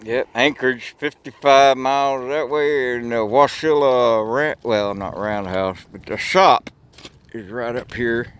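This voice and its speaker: A man's voice: medium pitch, a little slow, a bit bright, clear, resonant tone. A man vlogging outdoors beside railroad tracks, rambling in a folksy way and swearing casually, recorded on a handheld camera mic. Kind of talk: casual outdoor vlog narration.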